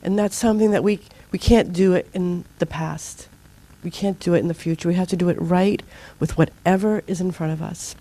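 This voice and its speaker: With a lowish, brisk delivery, this middle-aged spiritual group leader talks in an earnest, casual way. Her storytelling is animated, and she acts out her own outbursts as she goes.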